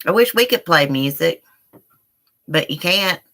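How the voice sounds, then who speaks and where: A woman's voice: on the low side, lively intonation, unhurried, fairly bright tone. A woman hosting a live stream from home, chatting casually and rambling while she talks to her viewers as y'all. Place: indoors at home.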